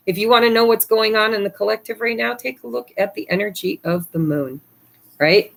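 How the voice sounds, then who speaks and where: A woman hosting a casual tarot card reading for her viewers, cheeky and laughing often, swearing freely. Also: medium pitch. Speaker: tarot reader.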